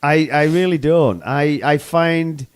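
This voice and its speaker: A man's voice: a little high, slow pace, clear, resonant tone. A man on a podcast giving blunt opinions in casual chat, swearing and stammering on restarts. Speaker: podcast co-host.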